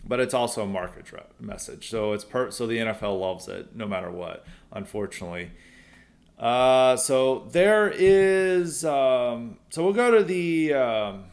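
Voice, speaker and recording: A man's voice: mid-range voice, animated, unhurried. A young adult man hosting a podcast, answering listener mail in a rambling way with frequent fillers and restarts. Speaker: podcast host. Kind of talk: casual mailbag commentary.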